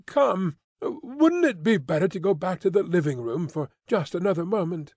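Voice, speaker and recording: A frightened teenage sister, as a male audiobook reader puts her on, her voice lifted well above his own and shaking as it rushes along. She sounds anxious and protective, a storybook girl trying to keep her composure. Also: high-pitched, animated, a little mellow, husky, no room sound, studio quality, pitched above the performer's own voice, exaggerated voice. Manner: trembling, hurried.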